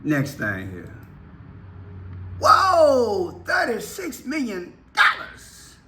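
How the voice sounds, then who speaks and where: A man hosting his own channel, giving casual political commentary with playful, drawn-out exclamations. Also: high voice, wildly swooping pitch, sharp tone, slight background noise. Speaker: channel host.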